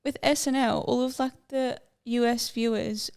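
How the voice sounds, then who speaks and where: A woman's voice: fairly high pitch, fairly even intonation, moderate pace, gravelly, darkish tone, smooth. A young woman co-hosting a podcast, chatting casually and rambling from one topic to the next. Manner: chatty, rambling, easily sidetracked. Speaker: podcast co-host. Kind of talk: casual chat.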